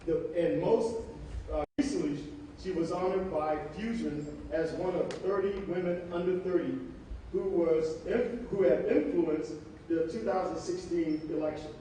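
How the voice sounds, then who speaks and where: A man's voice: on the high side, a little slow, warm tone, slight background noise. A man reading a guest speaker's introduction at a public event, stumbling and correcting himself as he goes. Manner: reads from notes with stumbles and self-corrections. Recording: roomy hall audio from a distant mic.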